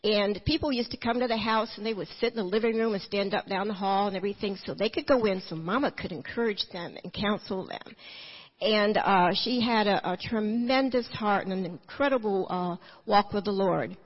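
Husky woman giving a church testimony. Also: medium pitch, normal speed, long reverb tail, lo-fi sound. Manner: earnest storytelling with restarts. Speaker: testimony speaker.

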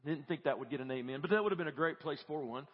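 A man preaching a lively, conversational sermon in a church and acting out what people say. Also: on the high side, racing. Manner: animated, conversational, acts out quoted voices. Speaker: guest preacher. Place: church sanctuary. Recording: dull lo-fi audio with long church reverb.

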